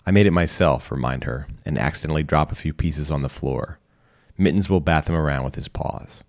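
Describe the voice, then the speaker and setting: A man reading a short story aloud in calm, instructional second person. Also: a bass voice, brisk. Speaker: reader. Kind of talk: scripted narration.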